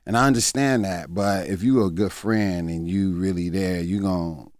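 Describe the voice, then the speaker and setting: A man in his fifties, a comedian guest on an interview show, talking candidly in a halting, reflective way with many fillers and restarts. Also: deep voice, darkish tone, no echo, studio quality. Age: 50s.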